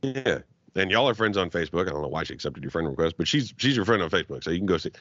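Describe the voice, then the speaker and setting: A man's voice: sits low, racing, no echo. A man telling a long, profane story on a podcast and acting out the quotes, a podcast guest chatting casually. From Arab heritage. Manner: profane, animated storyteller who acts out quotes. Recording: dull, dry lo-fi podcast audio.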